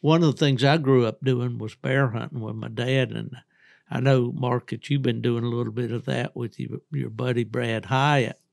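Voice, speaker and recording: An older man with a gravelly, creaky voice spins folksy, rambling stories as a podcast host. He talks in a relaxed, easygoing way and chuckles often. The sound is dry and close, with little room echo. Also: mid-range voice, normal speed. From Southern West Virginia. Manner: folksy, rambling storyteller who laughs often. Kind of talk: casual storytelling chat.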